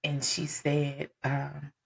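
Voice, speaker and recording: Low-voiced woman telling a personal story. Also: drawn-out words, vocal fry, husky. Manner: casual, animated, conversational with lots of fillers. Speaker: podcast host telling her story.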